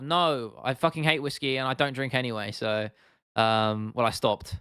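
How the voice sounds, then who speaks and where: A man hosts an MMA livestream, casually chatting and answering viewer comments in a rambling way, swearing freely with lots of restarts and fillers. His medium-pitched voice is steady, bright, forceful and smooth at a normal speed. The studio-quality recording has no room sound.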